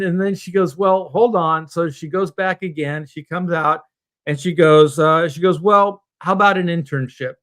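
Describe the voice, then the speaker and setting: A middle-aged man tells a rambling personal story on a video call. His voice sits a bit high for a man. He drops into quick impressions of the people in his tale. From Southern California. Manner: animated anecdote teller, acts out quoted voices. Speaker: comic book artist guest on a panel stream.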